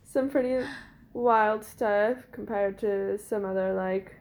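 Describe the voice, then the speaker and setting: A woman's voice: medium pitch, fairly even intonation, slow pace, a little mellow. A woman in her twenties, a podcast guest telling a personal story in a chatty way, peppering it with "like" and bursts of laughter. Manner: chatty, frequent "like" fillers and laughter. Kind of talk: casual storytelling.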